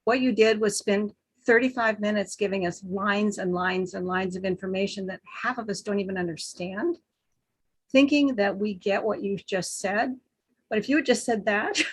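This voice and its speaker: Animated woman coach, dry close sound. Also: medium pitch, slightly rough, no room sound, low-quality recording. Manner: animated, acts out speaking styles, shifts between slow and fast. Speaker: speaking coach. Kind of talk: panel talk with advice.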